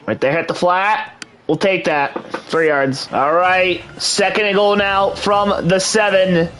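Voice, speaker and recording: A young man with a strikingly high voice narrates his football video game run. He calls each play with the energy of a sportscaster and keeps hyping up the action for his viewers. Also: fairly even intonation, slow, fairly bright tone, a little hiss or hum, rough recording. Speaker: video game channel host. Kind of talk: hyped gameplay commentary.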